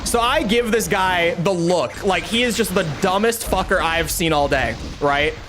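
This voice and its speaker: A man's voice: high voice, normal speed, over music. Young man rambling through a stream story. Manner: rambling, self-mocking storyteller with many restarts. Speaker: gaming streamer. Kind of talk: casual chat while live-streaming a game.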